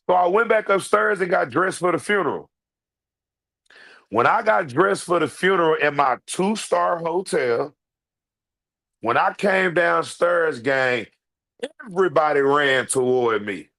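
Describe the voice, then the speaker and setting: Dude ranting a funny story to his viewers, cussing a lot, voice on the higher side and bouncing all over. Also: unhurried, creaky. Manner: profane, animated, talks to the audience as "y'all". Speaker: online show host. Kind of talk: comedic storytelling monologue to viewers.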